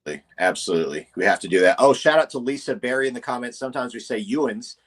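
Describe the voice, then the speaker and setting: A man's voice: mid-range voice, animated, racing, slightly rough. A man from Tennessee with a Southern US accent, co-hosting a podcast in an easygoing way. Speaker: podcast co-host. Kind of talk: casual podcast chat.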